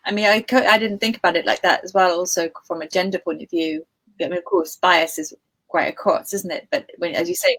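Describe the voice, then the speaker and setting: A woman's voice: mid-range voice, a bit bright. A woman interviewer who thinks aloud, often restarting her sentences. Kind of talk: conversational interview.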